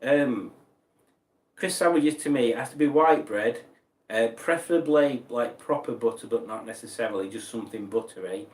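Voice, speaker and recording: A streamer of medium pitch and moderate pace casually chats through his viewers' messages, rambling along with mock outrage. He's recorded from a distance in an echoey room.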